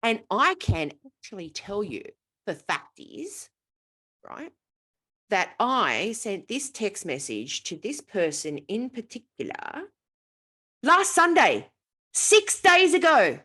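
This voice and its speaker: A woman co-hosting a podcast, chatting casually and venting in an animated, exasperated way, swearing freely. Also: mid-range voice, slow, husky. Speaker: podcast co-host. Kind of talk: casual chat.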